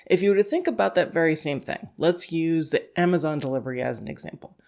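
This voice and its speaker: A woman teaching scent work to dog handlers in a relaxed, conversational podcast. She thinks aloud with plenty of "you know" and "like", laughing often. Now and then she slips into playful voices for a dog's thoughts. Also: lowish voice. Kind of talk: casual instructional podcast talk.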